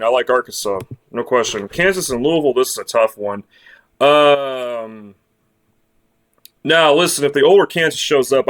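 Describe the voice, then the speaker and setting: A man's voice: fairly high pitch, fairly bright tone. A man talks through his bracket picks in a loose, off-the-cuff way. He is blunt and sarcastic and often rants, stumbling over his words and starting sentences again. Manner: blunt, sarcastic, ranting with many restarts. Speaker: sports commentator. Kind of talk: casual bracket predictions rant.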